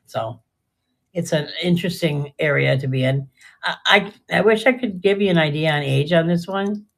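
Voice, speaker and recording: Selling jewelry on a live stream, this older woman speaks in a deep, gravelly voice at a moderate pace. Her chatter is casual and wandering, and she often leaves sentences unfinished.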